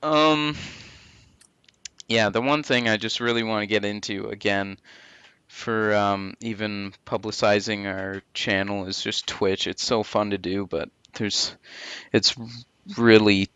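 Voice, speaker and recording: A young man in his late teens talking casually as co-host of a gaming channel, candid and quick to swear. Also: on the low side, little pitch movement, fairly bright tone, clear, resonant tone, no echo. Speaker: co-host and video editor. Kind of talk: casual chat.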